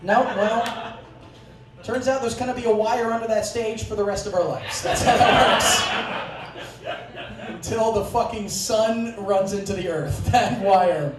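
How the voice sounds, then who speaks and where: A man's voice: high-pitched, slow pace. A young man doing a profane, sarcastic stand-up comedy set on a club stage. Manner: profane, sarcastic, deadpan asides. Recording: distant, echoey club recording with audience noise.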